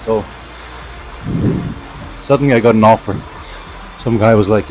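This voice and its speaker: A man's voice: lowish voice, a little slow, pauses often, darkish tone, faint music behind, rough recording. Chatty man, winded mid-workout. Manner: rambling, chatty storytelling. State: slightly out of breath from cycling. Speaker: vlogger. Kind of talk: casual storytelling during a workout. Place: indoor training setup at home.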